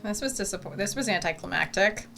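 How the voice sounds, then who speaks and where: A woman playing a character in a tabletop game, joking in animated, quick banter. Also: mid-range voice, creaky, soft background music. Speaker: player.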